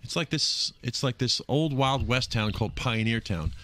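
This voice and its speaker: A man's voice: medium pitch, expressive, normal speed, fairly bright tone, slight background noise. A man from Brooklyn telling a story on a podcast, swearing, laughing and acting out the voices of people in it. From Brooklyn, New York. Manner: profane, laughing, acts out voices in quotes. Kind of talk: casual chat, animated storytelling.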